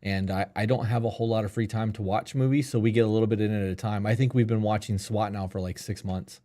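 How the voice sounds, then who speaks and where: A man's voice: lowish voice, fairly even intonation, quick pace, warm tone. A man co-hosting a podcast, chatting casually in a laid-back, teasing way and swearing freely. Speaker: podcast co-host. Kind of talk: casual chat.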